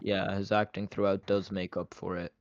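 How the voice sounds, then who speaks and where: A man's voice: low-pitched, flat delivery, moderate pace, gravelly, no echo, dull audio. A man in a casual movie review chat, opinionated and chatty, with a lot of "like" between his words. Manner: opinionated, chatty, many "like" fillers.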